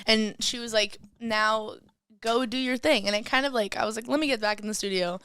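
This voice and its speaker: A woman's voice: fairly high pitch, fairly quick, a bit bright, clean tone, no echo, studio quality. A woman singer-songwriter as a podcast guest, chatting casually, giggling and acting out what she and others said. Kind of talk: casual chat.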